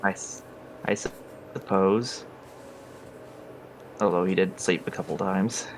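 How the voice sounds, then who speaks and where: A man playing his character in a tabletop game, speaking hesitantly and softly. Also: low voice, fairly even intonation, slow pace, a little hiss or hum. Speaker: player voicing his character Farron. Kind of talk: in-character tabletop role-play.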